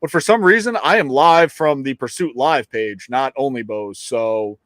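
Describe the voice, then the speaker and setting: A man's voice: mid-range voice, normal speed, a bit bright, dry recording. Dry-voiced man rambling on a live show. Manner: rambling, joking and swearing, with frequent restarts. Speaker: co-host and producer of a live outdoors show. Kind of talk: casual live-stream chat. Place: New York.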